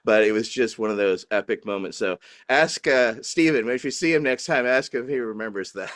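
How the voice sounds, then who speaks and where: A man from New Orleans telling a story in casual chat, acting out the people he quotes in high voices. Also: brisk, a bit bright, no echo, studio quality. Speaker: guest, dispensary owner.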